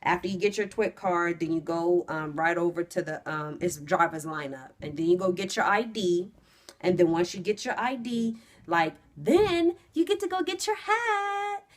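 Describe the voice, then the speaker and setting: This trucking vlogger, a young woman speaking to camera at a normal speed, tells her story with casual animation. Loud, high re-enactments alternate with whispered-down asides.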